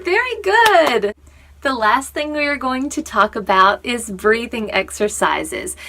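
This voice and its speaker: A young adult woman teaching a vocal warm-up lesson in an upbeat coaching manner. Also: on the high side. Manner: upbeat, coaching, demonstrates sounds. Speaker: online English teacher.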